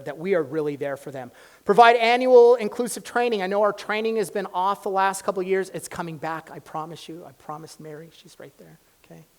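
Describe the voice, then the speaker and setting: Impassioned male professor lecturing. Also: sits high. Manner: emphatic, swings from loud exhortation to hushed storytelling. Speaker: college professor giving a presentation. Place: campus lecture hall.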